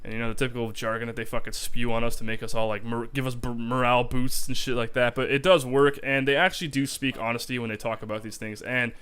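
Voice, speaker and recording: A man's voice: mid-range voice, flat delivery, quick pace, few pauses, a bit bright, smooth. Profane, rambling young man. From Canada. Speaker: army reservist vlogger. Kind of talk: casual vlog rant.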